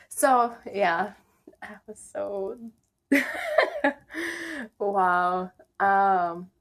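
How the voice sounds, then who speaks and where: A young woman telling an old personal story in a casual vlog, chatty and giggly, with lots of "like" and "um". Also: lowish voice. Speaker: vlogger.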